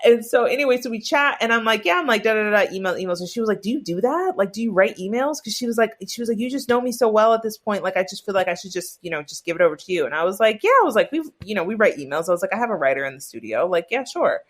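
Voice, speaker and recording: A woman who owns a marketing agency, a guest in a conversational interview, telling her story in a lively way and acting out quoted dialogue. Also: mid-range voice, fast, hardly any pauses.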